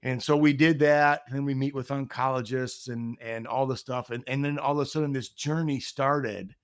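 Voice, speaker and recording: A man's voice: medium pitch, fairly even intonation, normal speed, clean tone. A middle-aged man speaks as a podcast guest, telling a personal story in an earnest, reflective way. He acts out the other people's lines as he goes. His voice sits in an ordinary mid range and sounds dry and close, with no room echo.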